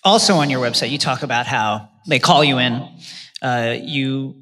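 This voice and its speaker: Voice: mid-range voice, moderate pace, fairly bright tone. A podcast co-host asking casual, curious questions during a live stage interview. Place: stage at a convention hall. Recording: live hall reverb.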